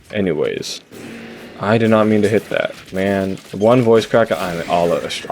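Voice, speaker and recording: A man's voice: low voice, measured pace, a little hiss or hum. A young man giving casual, rambling commentary over his own gameplay, stuttering and restarting often, his voice cracking and breaking with hiccups. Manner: rambling, self-interrupting, frequent stutters and fillers. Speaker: gaming channel host. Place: home, late at night.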